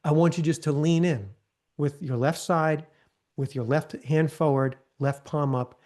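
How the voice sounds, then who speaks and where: A man's voice: fairly high pitch, fairly even intonation, a little slow, a little mellow. A man leading a live online training, coaching in a conversational way and often checking in with "okay?" and "right?". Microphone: video call.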